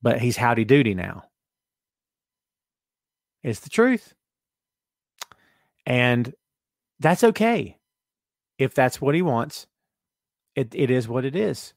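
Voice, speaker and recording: A man's voice: medium pitch, slow, creaky, long pauses, no room sound, studio quality. A man hosting a casual podcast, reading listener comments and answering them with sarcastic asides. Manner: sarcastic, animated, jumps from loud asides to muttering. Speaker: podcast host.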